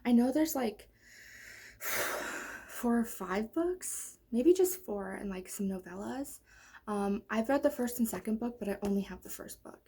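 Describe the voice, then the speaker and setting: A woman's voice: fairly high pitch, animated, unhurried, mellow, husky. A young woman chatting casually about books she loves, rambling with lots of fillers and restarts. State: out of breath. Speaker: book vlogger. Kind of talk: casual book review chat.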